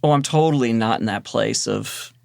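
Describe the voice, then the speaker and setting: A man co-hosting a podcast, telling stories in a lively, self-deprecating way in casual conversation. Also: mid-range voice, normal speed, vocal fry, no echo, clean studio sound. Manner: animated, self-deprecating storyteller. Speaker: podcast co-host.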